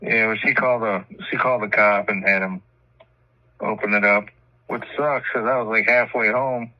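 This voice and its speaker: A man with a lowish voice cohosting a casual radio show, blunt and swearing constantly. The sound is muffled and lo-fi. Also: steady tone, moderate pace. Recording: dull lo-fi audio.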